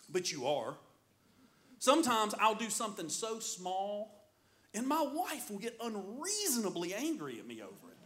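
A middle-aged man preaching a sermon as pastor, in an animated, joking storytelling manner. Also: high voice, moderate pace.

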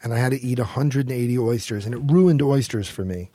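A middle-aged American man telling a story as a guest in an interview, animated and quick to act out what others said. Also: mid-range voice, dry recording. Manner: animated storyteller, acts out quotes, swears freely.

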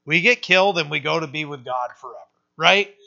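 A man's voice: fairly high pitch, fairly quick, creaky, sharp tone. A man preaching a conversational sermon to his church and often asking "right?" to his listeners. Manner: rhetorical questions, asks "right?" often. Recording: dull lo-fi sermon recording.

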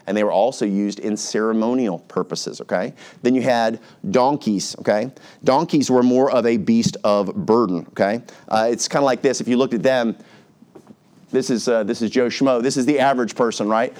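A man with an American accent, a pastor, teaching a sermon in a conversational way and putting on little voices for examples. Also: medium pitch. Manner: conversational, animated, puts on voices for everyday examples.

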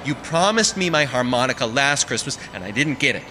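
A man doing a stubborn, flat-voiced small boy. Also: mid-range voice, fairly quick, slight background noise. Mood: insistent. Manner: flat, insistent, unimpressed. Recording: long reverb with faint music.

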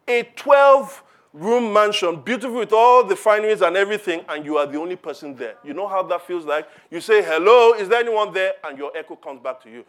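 A man preaching a sermon in church, animated, asking rhetorical questions and acting out quoted voices. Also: sits high. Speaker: pastor.

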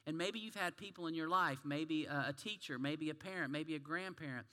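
A man's voice: a little high, a little fast, sharp tone, big-room sound. A man preaching a sermon in a folksy, conversational storytelling way.

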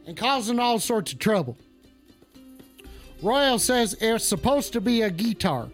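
Guy playing a cussing cowboy on a live stream, super high bright voice, faint music behind. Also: lively intonation, a little slow. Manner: playing a swearing, touchy cowboy persona with a put-on drawl; rambling, profane, reacts to chat. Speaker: call-in show host on a live stream. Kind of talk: in-character comedic live-stream banter.

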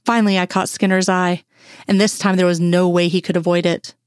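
A woman reading a first-person story aloud in an earnest, measured way. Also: lowish voice, flat delivery, clean tone, no room sound, clean studio sound. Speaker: reader.

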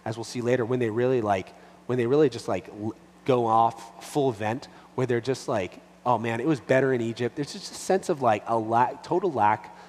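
A man, a pastor with a little boy, teaching from the Bible in a relaxed, conversational way, full of restarts and fillers. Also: medium pitch. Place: church hall. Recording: long reverb, faint hum behind.

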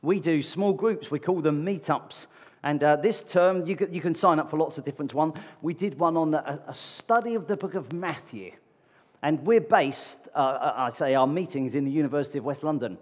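Speaking to his congregation in a church meeting hall, a preacher keeps things conversational and peppers them with rhetorical questions. His husky, slightly raised voice leans high and moves a little fast, echoing with the long reverb of a large hall.

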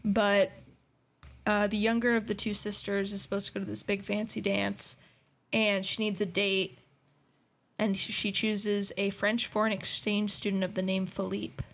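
A woman with a mid-pitched voice recaps a movie plot on a casual podcast. She is chatty and swears for laughs. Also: little pitch movement, moderate pace. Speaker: podcast co-host.

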